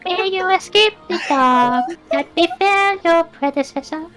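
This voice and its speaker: A man voicing a formal courtly noble, very high, slow, faint music behind. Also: bright, forceful tone, heavily acted. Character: courtly male noble greeting the queen.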